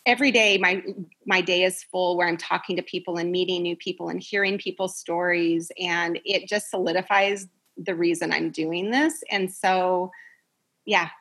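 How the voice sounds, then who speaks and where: A woman guest on a podcast, talking earnestly and enthusiastically, often pausing to find her words. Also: on the low side, fairly even intonation, a bit bright. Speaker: podcast guest, clinic founder. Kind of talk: casual interview chat.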